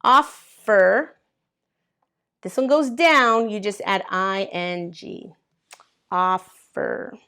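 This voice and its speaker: A woman's voice: mid-range voice, lively intonation, drawn-out words, pauses often, pushed and bright, smooth. A woman teaching an English grammar lesson to learners, patiently spelling out letters and clapping out syllables. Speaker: ESL teacher. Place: at a board, writing in colors.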